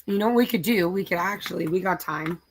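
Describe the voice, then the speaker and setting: A woman's voice: on the low side, fast talker, breathy edge. A middle-aged woman hosting a casual craft live stream, chatting and listing her projects aloud in a tired, easygoing way. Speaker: craft channel host.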